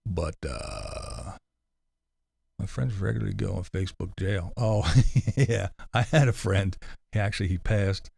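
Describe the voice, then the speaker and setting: A man's voice: low voice, animated, measured pace, vocal fry, a little mellow. A man hosting a casual livestream, reading comments and answering with rambling, sarcastic asides, speaking close into a desk mic. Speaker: livestream host. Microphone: close desk mic with headphones.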